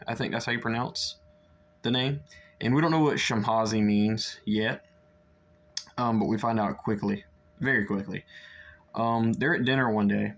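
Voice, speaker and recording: A young man chatting casually through a book review, rambling with lots of fillers and restarts. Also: lowish voice.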